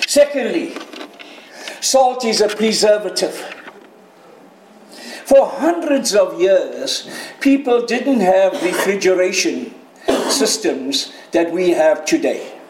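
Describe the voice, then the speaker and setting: A man preaching a sermon as pastor, lively and playful, sometimes mimicking a shouting voice. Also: sits high, a little hiss or hum. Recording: echoey room.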